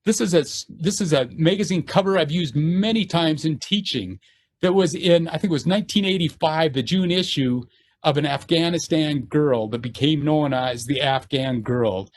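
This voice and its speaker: Earnest halting man giving a lecture. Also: a little high. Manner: earnest, halting with fillers and restarts; reads course text aloud in lists. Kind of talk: university lecture.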